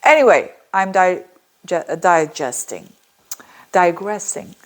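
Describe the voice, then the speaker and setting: A woman from Belgium with a somewhat low voice gives a casual monthly horoscope talk as an astrologer. She talks in a chatty, digressive way, with lively ups and downs. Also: takes it slowly.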